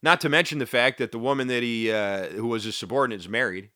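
A man's voice: mid-range voice, fast, bright, forceful tone, no room sound, clean studio sound. Indignant man ranting on a podcast. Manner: emphatic and indignant, with sarcastic asides. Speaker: podcast host. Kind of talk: opinionated solo podcast commentary.

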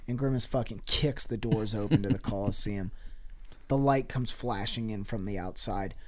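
A man's voice: on the low side, normal speed, a little mellow. A man co-hosting a podcast, telling an improvised comic story in a rambling, profane way full of fillers. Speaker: podcast co-host.

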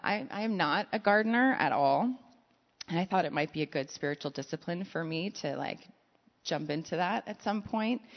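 A woman preaching a conversational sermon, telling stories with self-deprecating asides. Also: medium pitch. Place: church sanctuary. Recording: lo-fi sound in a reverberant hall.

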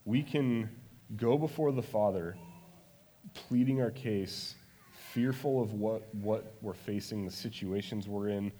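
A man preaching a casual, chatty sermon as pastor, self-deprecating and now and then acting out prayers with sudden loud passion. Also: lowish voice, measured pace. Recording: long hall reverb.

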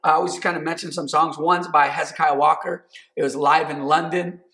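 Bright-voiced preaching man, conversational. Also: fairly high pitch, little pitch movement, a little fast. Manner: conversational, builds to emphatic repeated phrases. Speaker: pastor. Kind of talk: sermon.

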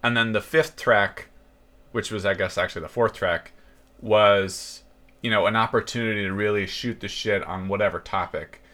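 A man co-hosting a podcast, talking in a relaxed, hesitant way. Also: on the low side, normal speed. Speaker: podcast co-host. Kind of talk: casual chat.

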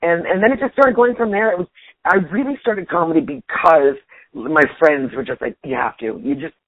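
Husky woman on a phone line. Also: lowish voice, brisk, dry recording. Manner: animated, restarts sentences. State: nearly losing her voice. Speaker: stand-up comedian guest. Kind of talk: casual interview chat. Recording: tinny dry phone line.

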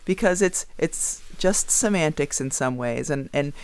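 Smooth-voiced man chatting on a podcast. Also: a little high, measured pace. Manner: storytelling, animated when quoting others. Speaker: podcast co-host; youth basketball coach. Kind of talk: casual chat.

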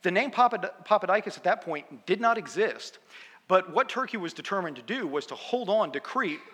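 A man in his fifties preaching with a bright, forceful voice that sits a little high. He tells stories in a chatty, self-deprecating way and laughs at his own jokes. The sound carries the long reverb of a church hall. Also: lively intonation, a little fast, breathy edge. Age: 50s. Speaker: guest preacher. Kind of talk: humorous storytelling sermon.

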